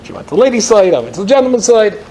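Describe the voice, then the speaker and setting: Scottish male rabbi, higher voice, dry comic storyteller, faint room hum. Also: big pitch swings, racing, darkish tone. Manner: dry, wry comic delivery. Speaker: rabbi giving a talk. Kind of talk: humorous storytelling talk.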